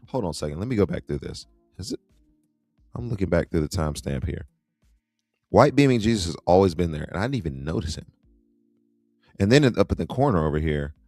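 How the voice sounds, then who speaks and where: Middle-aged male host, very deep, casual and wry, dry close mic. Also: darkish tone, dry recording. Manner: chatty, wry asides, reacts to clips. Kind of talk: casual livestream commentary.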